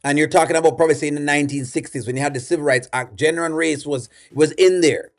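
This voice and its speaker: Hosting a reaction video, a Jamaican-accented man delivers rambling, opinionated casual commentary packed with fillers. His voice is fairly high and quick, and soft music plays in the background.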